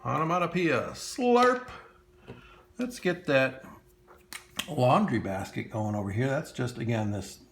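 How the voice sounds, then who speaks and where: A man's voice: mid-range voice, moderate pace, fairly bright tone, a little hiss or hum. A man teaching children to draw cartoons step by step, playful and talking straight to the kids, with frequent chuckles. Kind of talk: step-by-step drawing lesson for kids.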